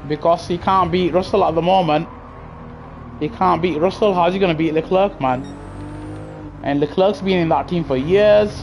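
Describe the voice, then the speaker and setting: A man's voice: high-pitched, moderate pace, pauses often, a little mellow, muffled recording. A man streaming a racing game, casually chatting with viewers and reacting as he drives. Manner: chatty, answers chat, slangy. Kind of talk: casual live-stream chat over gameplay. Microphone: gaming headset. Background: car engine noise and music.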